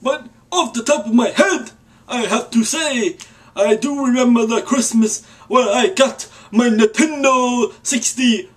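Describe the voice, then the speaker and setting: In a casual video blog, a vlogger with a medium-pitched voice speaks at a measured pace. They put on a mock vampire voice that keeps drifting into an old-man voice, joking at their own expense.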